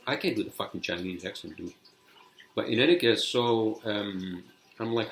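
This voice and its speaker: A podcast host rambles through a story on his solo show, swearing, using lots of fillers, and restarting his sentences. His low-pitched voice is a bit bright and moves at a normal pace, and the low-quality recording has a little hiss or hum.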